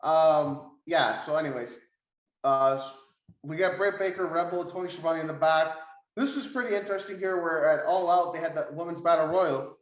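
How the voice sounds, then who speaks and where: A young man co-hosting a casual wrestling podcast, excitable and swearing as he retells segments. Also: on the high side, normal speed, echoey room, highs cut off. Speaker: podcast co-host.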